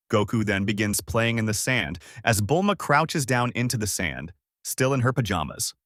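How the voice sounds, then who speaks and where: A man reading a fan-made adventure story aloud in an animated way. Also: lowish voice, moderate pace, no echo, clean studio sound.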